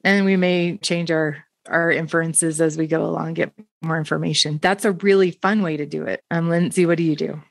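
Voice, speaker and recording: A woman's voice: sits low, steady tone, brisk, vocal fry, hardly any pauses, dry recording, clean studio sound. A woman hosting a panel discussion on teaching, telling classroom stories in an enthusiastic, affirming way. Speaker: podcast host and educator.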